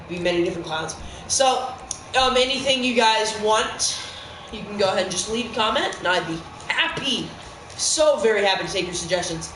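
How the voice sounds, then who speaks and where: A game streamer giving rambling, playful live-stream commentary with sudden squeaky outbursts. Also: a bit bright. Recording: echoey room with background noise.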